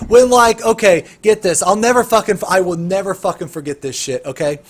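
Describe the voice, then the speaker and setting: A man's voice: high-pitched, fairly quick. A young man co-hosting a casual gaming podcast, ranting and telling stories with lots of swearing and big swings of energy. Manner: animated, profane ranting storyteller. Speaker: podcast co-host.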